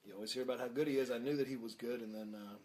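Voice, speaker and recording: A man's voice: medium pitch, steady tone, rapid-fire, darkish tone, a little hiss or hum. A man co-hosting a podcast, trading profane, joking banter in casual chat. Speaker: podcast co-host.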